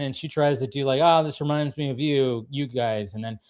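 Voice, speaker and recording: A man in casual conversation, walking through a cartoon episode scene by scene. He laughs often and slips into playful voices for the characters. His pitch sits in a middle range. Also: a little fast, clean tone. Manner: animated, laughs often, acts out characters' lines. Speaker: podcast co-host.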